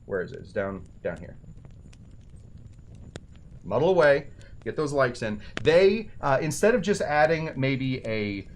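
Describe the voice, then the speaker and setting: A man's voice: mid-range voice, big pitch swings, measured pace, long pauses. A man hosting a cocktail show, talking casually with rambling, self-deprecating jokes and asides. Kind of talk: casual comedic how-to talk.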